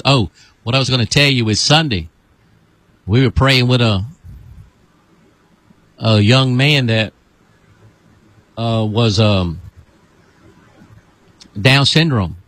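A man, a pastor, leading a deliverance prayer with commanding repeated calls and sudden high whoops. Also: slow pace, pauses often, fairly bright tone, no room sound.

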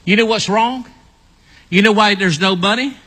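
A man preaching an animated sermon, acting out a story with volunteers and calling out to the congregation. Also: moderate pace, big-room sound. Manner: animated, calls out to the audience, builds to excited high shouts.

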